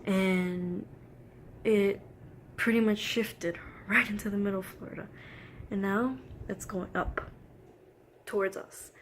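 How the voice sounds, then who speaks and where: A woman's voice: medium pitch, fairly even intonation, slow, pauses often, a little hiss or hum, rough recording. A woman vlogging at home during a storm, anxious and jittery, laughing between frightened remarks. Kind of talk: casual home video vlog.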